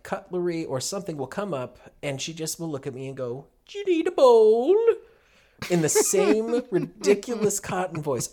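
A man's voice: fairly high pitch, darkish tone. A man co-hosting a podcast in casual chat, talkative, laughing and swearing as he goes. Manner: chatty, profane, laughing. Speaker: podcast co-host.

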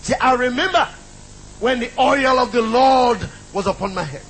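A man's voice: extremely high pitch, normal speed, fairly bright tone, breathy edge, rough recording. A middle-aged man preaching a sermon, emphatic and repetitive, calling out to the congregation.

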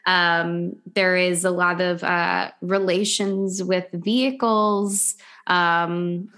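A woman with a slightly low voice talks slowly on a casual podcast. She hesitates often and leans on fillers as she gathers her thoughts. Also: steady tone, a bit bright. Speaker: podcast co-host. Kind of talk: casual chat.

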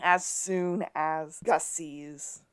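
A woman co-hosting a podcast, recapping a TV episode in playful, animated casual chat. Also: deep voice, very slow, smooth. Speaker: podcast co-host.

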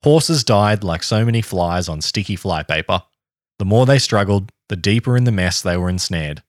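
Guy reading a history story on a podcast, lowish voice, lots of ups and downs, dry sound. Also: expressive, moderate pace, no room sound. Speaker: podcast host.

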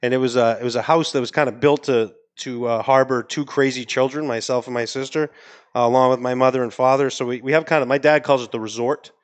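Male podcast guest, mid-pitched, New England accent, relaxed and rambling. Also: fast talker. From Maine. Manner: rambling, restarts a lot, easygoing. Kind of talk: casual podcast chat. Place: podcast studio.

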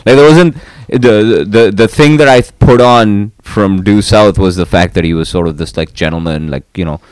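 A man's voice: lowish voice, normal speed, clear, resonant tone, no room sound. A young man in a casual podcast chat, self-mocking and laughing often, swearing freely.

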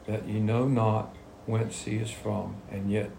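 Gravelly-voiced man teaching Bible study. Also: fairly low pitch, little pitch movement, unhurried, dark tone, slight background noise. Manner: reads scripture then explains it in plain talk. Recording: echoey room with faint ambience.

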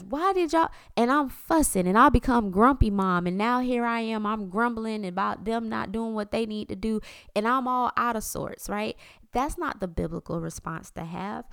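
A woman's voice: fairly high pitch, a bit bright, smooth, no echo. A woman in her thirties hosting a faith-based podcast in a candid, conversational way, acting out her inner voices. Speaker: podcast host.

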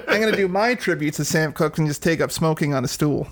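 A man co-hosting a relaxed podcast in a voice that sits a little high for a man. He delivers dry, joking asides at an easy conversational pace. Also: fast. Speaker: podcast co-host. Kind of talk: casual podcast chat.

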